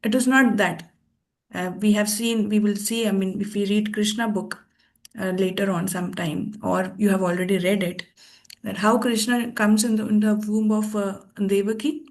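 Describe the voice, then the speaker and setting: A woman teaching a scripture class, telling a story in a thoughtful, pausing way with restarts. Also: mid-range voice, fairly even intonation, a little mellow. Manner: thoughtful, with frequent pauses and restarts.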